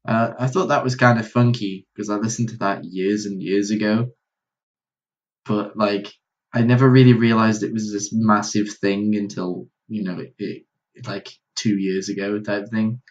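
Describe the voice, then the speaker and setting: A man's voice: lowish voice, fairly even intonation, normal speed. Teasing man, dull lo-fi sound. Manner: teasing, mocking banter. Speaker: podcast co-host. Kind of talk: casual comedic chat.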